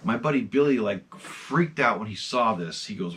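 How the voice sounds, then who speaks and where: A man casually showing off his mask collection, talking excitedly in a rambling way and swearing now and then. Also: medium pitch, unhurried, hardly any pauses, breathy edge. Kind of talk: casual show-and-tell vlog.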